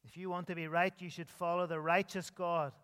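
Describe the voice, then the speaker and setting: A man's voice: high-pitched, little pitch movement, fairly quick, fairly bright tone, clear, resonant tone, in a large hall. A man preaching an earnest sermon as pastor, his voice rising and dropping with emphasis. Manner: earnest preaching with sweeping rises and drops.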